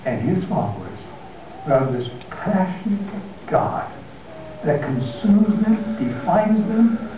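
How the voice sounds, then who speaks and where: Impassioned preacher in an echoing hall. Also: male voice, sits high, sing-song, slow pace, music in the background. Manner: impassioned, emphatic, repetitive. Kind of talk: sermon. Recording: echoey hall from far off, dull.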